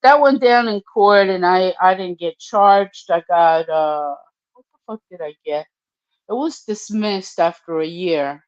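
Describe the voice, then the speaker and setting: An older woman telling a personal story casually, profane and animated, acting out the voices in it. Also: lowish voice, a little slow, muffled recording. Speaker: storyteller guest.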